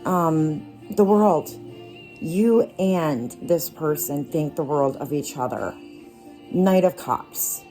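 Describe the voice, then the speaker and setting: A woman lays out tarot cards for her listeners, speaking slowly and reassuringly in a low, mellow voice. Faint music plays quietly behind her. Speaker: tarot reader. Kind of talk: casual tarot card reading.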